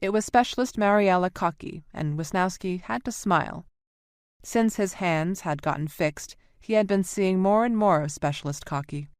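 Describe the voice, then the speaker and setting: A woman narrating a science fiction audiobook in a steady, even reading. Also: on the low side, moderate pace, clear, resonant tone, no room sound, studio quality. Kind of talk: scripted narration.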